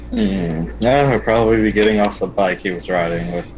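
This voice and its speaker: A man playing a tabletop game with friends, thinking aloud slowly as he plans his character's moves. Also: on the low side, a little mellow, slight background noise, poor audio. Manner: slow, thinking aloud while planning moves. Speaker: player. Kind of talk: casual tabletop game chat.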